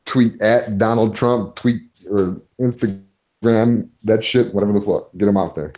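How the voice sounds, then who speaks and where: A man's voice: fairly low pitch, unhurried, darkish tone, lo-fi sound. A man hosting a casual podcast, reading out chat comments, swearing freely, laughing often and getting heated. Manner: profane, laughs a lot, gets heated.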